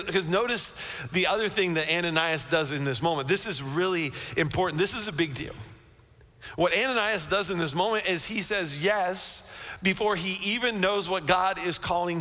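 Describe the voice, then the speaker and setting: A man preaching a sermon as pastor, telling the story in an animated way with frequent restarts and repeated words. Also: a little high. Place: church sanctuary. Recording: long church hall reverb.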